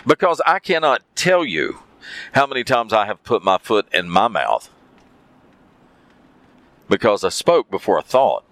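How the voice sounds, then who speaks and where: A man's voice: fairly low pitch, a bit bright, no room sound. A man telling a story in a casual monologue, repeating phrases for emphasis.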